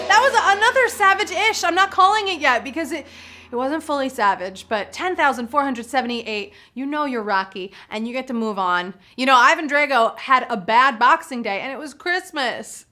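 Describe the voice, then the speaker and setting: A woman's voice: sits high, animated, normal speed, bright, forceful tone. A woman hosting a live trivia game, chatty and bubbly, laughing often. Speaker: trivia game show host.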